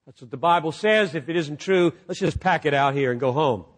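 A man preaching a sermon to a live audience with passion, dropping to a hush and then rising almost to a shout. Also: fairly high pitch, fairly quick. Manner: impassioned, swinging from hushed to near-shouting. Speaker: pastor.

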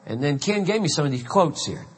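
A man in his fifties from the American South preaches a sermon in an earnest, conversational way. He keeps coming back to his points and repeats them for emphasis. His voice is a little husky and sits fairly high. It rings through a church hall with a long echo. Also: big pitch swings, brisk. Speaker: pastor.

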